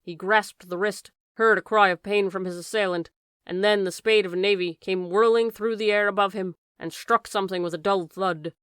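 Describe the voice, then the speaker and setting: A woman narrating a classic science fiction novel as an audiobook, reading dramatically and raising her voice for shouted lines. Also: medium pitch, steady tone, normal speed, clean tone, dry recording, studio quality. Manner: raises voice sharply for shouted lines.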